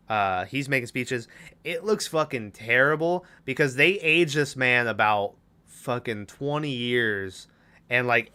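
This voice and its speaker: A man's voice: mid-range voice, bright, forceful tone, clear, resonant tone. A man co-hosting a podcast, rambling through a casual movie recap with lots of fillers and swearing. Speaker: podcast co-host.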